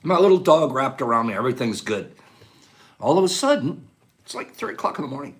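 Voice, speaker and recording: A man hosting a casual show who tells a story in an animated way, laughing and acting out the scenes. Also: medium pitch, brisk. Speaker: host.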